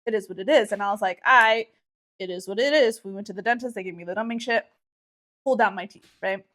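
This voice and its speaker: A woman's voice: mid-range voice, fast talker, fairly bright tone. A young woman co-hosting a podcast, telling a story in casual chat with slang and swearing. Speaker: podcast co-host.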